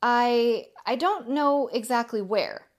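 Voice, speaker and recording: A woman's voice: on the high side, animated, slow. A woman voicing a gloomy, stubborn male marsh creature who talks short of breath. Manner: stout, breathless, plain-spoken.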